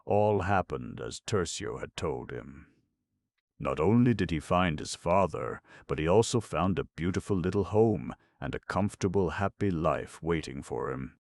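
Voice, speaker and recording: A man narrates an audiobook in a steady, measured way. His voice is extremely deep with a gravelly edge. The sound is close and dry. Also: no echo. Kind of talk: scripted narration.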